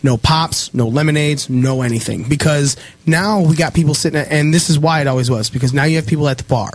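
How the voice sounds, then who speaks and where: A young man tells a story on a casual podcast, his voice sitting a little high. He swears nonstop and sounds riled up the whole way through. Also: fast. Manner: heated, swears constantly, animated retelling. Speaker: podcast co-host telling a story.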